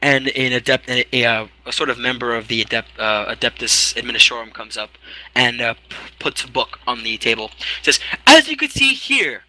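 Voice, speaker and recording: A man's voice: medium pitch, little pitch movement, a little fast, bright, forceful tone, low-quality recording. A man narrating a tabletop role-playing game as game master, rambling with fillers and restarts.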